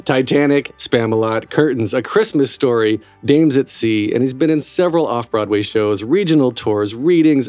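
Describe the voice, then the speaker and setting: A man's voice: medium pitch, dry recording. Chatty male podcast host, dry close sound. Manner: chatty, relaxed, with fillers and restarts. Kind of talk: casual interview chat.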